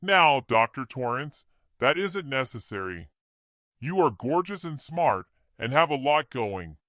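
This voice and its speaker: A man voicing an older father who speaks in a calm, measured, pleading way. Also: mid-range voice, no echo, studio quality, voice pushed up.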